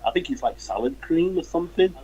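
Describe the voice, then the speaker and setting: A man with a husky voice calls into a chat show over a video link. He tells jokey, animated stories. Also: on the high side, fast talker, lo-fi sound. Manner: animated storyteller, does funny voices in anecdotes, jokey. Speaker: guest caller. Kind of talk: casual chat on a video call. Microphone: video call.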